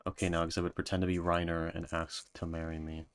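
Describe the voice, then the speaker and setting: Deep-voiced joking male streamer. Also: monotone, fast, clear, resonant tone, dry recording. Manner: joking, self-mocking, stumbling restarts. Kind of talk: casual chat, reading viewer comments.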